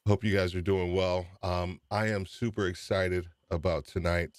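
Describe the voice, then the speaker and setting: A man's voice: deep voice, little pitch movement, moderate pace, hardly any pauses, no room sound, clean studio sound. A man hosting a live-stream podcast, upbeat and chatty, often repeating his phrases. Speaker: podcast host.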